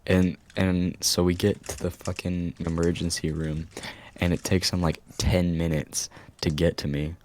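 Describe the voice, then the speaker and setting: A man's voice: level tone, unhurried, a little mellow. A young man telling a story on a casual podcast, laughing often and swearing a lot. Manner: laughs often, swears a lot, jumps into high squeaky voices when quoting himself. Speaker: podcast co-host.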